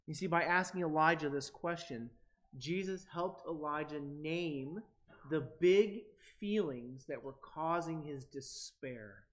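A man preaching a sermon in a reflective way, with long dramatic pauses. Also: a little high. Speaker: pastor.

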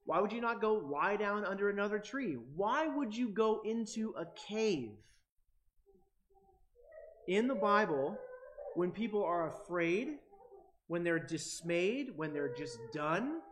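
A man preaching a sermon in a reflective way, with long dramatic pauses. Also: high-pitched, animated, a bit bright, a little hiss or hum. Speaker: pastor.

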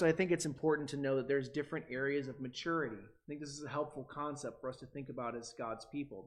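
A man in his forties preaching a sermon as a pastor, emphatic and rising loud on key words, with frequent restarts. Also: medium pitch.

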